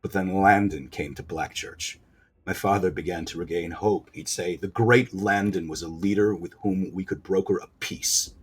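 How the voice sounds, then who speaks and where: A man voicing a wounded, bitter young prince in a video game, speaking low and hushed. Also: moderate pace, breathy edge.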